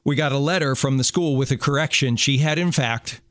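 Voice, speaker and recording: A man's voice: medium pitch, brisk, no echo, clean studio sound. A middle-aged man co-hosting a show, telling family stories in a chatty way and often restarting his sentences. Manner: chatty storyteller, self-correcting with restarts. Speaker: radio show co-host. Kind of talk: casual chat.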